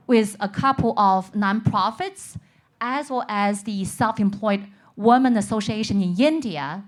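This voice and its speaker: A woman from China, an insurance expert, speaking earnestly on a conference panel and telling stories. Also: fairly high pitch. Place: conference stage.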